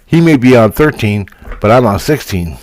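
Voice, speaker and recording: A man's voice: mid-range voice, lively intonation, normal speed, darkish tone, dry recording. A man talking in a casual spiritual vlog monologue, ranting profanely and in frustration.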